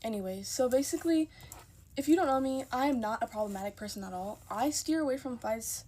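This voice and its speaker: A woman's voice: fairly high pitch, animated, fairly quick, dark tone. A young woman telling a casual storytime into her phone, chatty and emphatic, acting out the people in her story.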